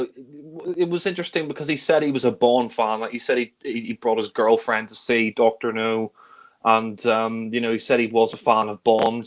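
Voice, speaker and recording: A man co-hosting a casual film discussion, chatty and enthusiastic, rambling on with lots of asides. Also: mid-range voice.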